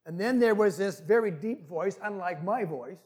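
A man preaching a sermon in an earnest, deliberate way. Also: sits high, darkish tone.

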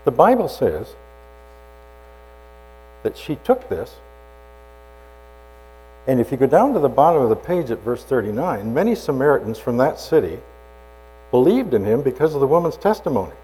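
A man preaching a storytelling sermon as a pastor, swinging from loud emphasis to hushed asides. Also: mid-range voice, very animated, normal speed, pauses often, husky, low-quality recording.

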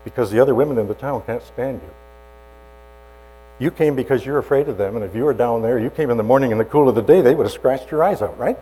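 A man preaching a sermon, voicing a calm, knowing male teacher who speaks gently and unhurriedly. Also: mid-range voice, quick pace, voice pushed down, lightly acted, poor audio. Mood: gentle, knowing.

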